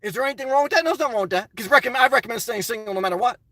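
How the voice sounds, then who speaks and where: A man's voice: very high-pitched, very fast, fairly bright tone, no room sound, distant mic. A middle-aged man hosting a casual live stream, answering chat in a blunt, opinionated, rambling way.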